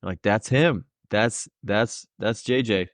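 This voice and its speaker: A man's voice: fairly low pitch, slow, no room sound, studio quality. A young man casually telling a personal story on a podcast, earnest and emotional and laughing often. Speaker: podcast host, new father.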